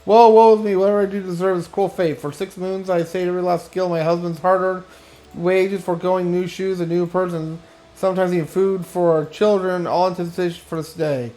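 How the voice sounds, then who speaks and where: A man's voice: high-pitched, flat delivery, a little fast, dark tone, voice pushed up, lightly acted, low-quality recording. A man voicing an indignant, complaining townswoman from a game, wailing over her misfortune.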